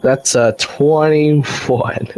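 A man's voice: on the high side, fairly even intonation, drawn-out words, over a noisy crowd. A man playing a tabletop game, joking and laughing a lot. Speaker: player. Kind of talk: casual tabletop chat.

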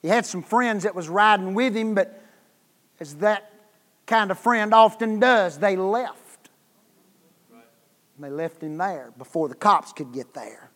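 Guest preacher, male, high voice, slow deliberate delivery, hushed-to-shouting revival sermon in a church hall. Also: lively intonation. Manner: swings from hushed to shouted, repeats words. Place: church sanctuary. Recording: long hall reverb.

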